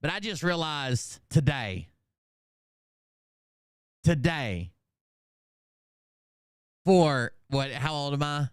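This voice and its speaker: A man's voice: on the high side, animated, extremely slow, long pauses, smooth, dry recording, clean studio sound. A man in his thirties with a Southern US accent, hosting a livestream in casual, rambling commentary full of jokes and swearing. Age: 30s. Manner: rambling, joking, heavy swearing. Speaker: livestream host.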